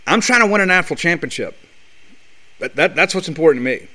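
A man's voice: on the high side, lively intonation, fast, pushed and bright. A man hosting a sports talk show, delivering a blunt, fired-up monologue full of rhetorical questions.

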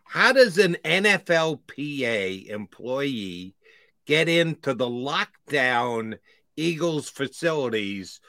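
A man's voice: medium pitch, sing-song, slow, pushed and bright, no echo, studio quality. A man co-hosting a sports talk show, asking probing, skeptical questions.

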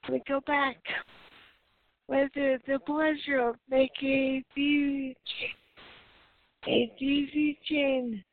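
A woman hosting a show who reads a children's story aloud slowly, stumbling and correcting herself. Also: high-pitched. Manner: slow, halting reading with self-corrections. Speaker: host and story reader. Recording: tinny phone-like sound.

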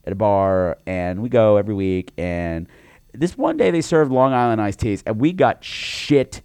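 A man co-hosting a podcast, telling a campy story in a casual, animated way. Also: on the low side, moderate pace, smooth, dry recording. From New York. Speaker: podcast co-host. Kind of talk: casual chat.

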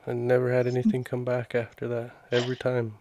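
A man hosting a casual podcast chat, with a voice at an ordinary middle pitch. He answers his guest softly and quietly, with sympathy. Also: monotone, quick pace, dry recording. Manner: quiet, soft-spoken, sympathetic replies. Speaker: podcast host.

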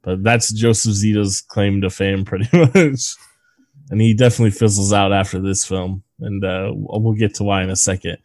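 A man's voice: fairly low pitch, steady tone, moderate pace, a little mellow, no echo. A man co-hosting a casual movie-review podcast, sharing trivia with profanity and frequent laughter. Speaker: podcast co-host.

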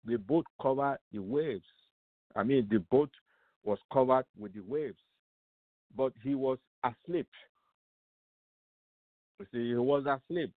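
A man's voice: mid-range voice, takes it slowly, long pauses, no room sound. A man hosting a radio show, preaching emphatically, repeating phrases and asking rhetorical questions. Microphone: phone call-in line. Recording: tinny, dry phone line.

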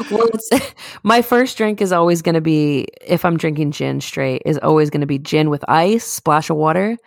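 A woman's voice: low-pitched, measured pace, gravelly, dry recording, studio quality. A young woman co-hosting a podcast, telling rambling stories in casual chat with lots of laughs and restarts. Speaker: podcast co-host.

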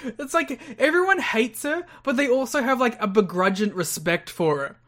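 A man's voice: very high voice, lively intonation, moderate pace, a bit bright. Guy laughing through wrestling chat, blunt, swears a bunch. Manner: giggly, blunt, swears casually. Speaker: podcast co-host. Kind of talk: casual wrestling review chat.

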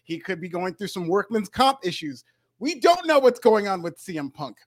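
A man's voice: high-pitched, big pitch swings, moderate pace, no echo, clean studio sound. A man co-hosting a podcast, giving a casual news rundown in a laid-back, joking manner. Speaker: podcast co-host.

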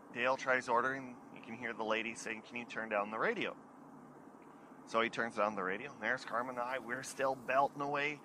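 A man in his forties hosts his own show, spinning a loose, animated story and slipping into his friends' voices. His tone is bright and forward. A faint hum sits under the recording. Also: mid-range voice. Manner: animated, acts out friends' lines and sings snatches. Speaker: podcast host telling a story. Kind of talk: casual storytelling.

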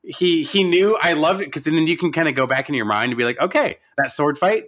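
A man co-hosting a casual show review, talking in an animated way, swearing and acting out scenes. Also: a little high, fast talker. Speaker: podcast co-host. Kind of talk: casual chat reviewing a TV series.

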